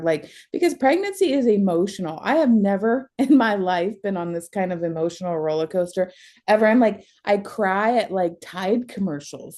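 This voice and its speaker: A woman's voice: mid-range voice, lively intonation, normal speed, dark tone. A young adult woman talking candidly as a counseling client, emotional and blunt, often breaking into laughter.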